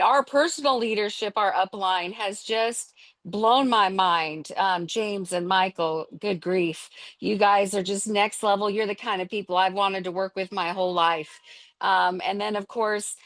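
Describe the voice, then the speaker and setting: A middle-aged woman on a video call, gushing with excitement as she shares her business success. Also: medium pitch, no room sound. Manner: gushing, enthusiastic, fast-talking. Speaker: distributor sharing her success.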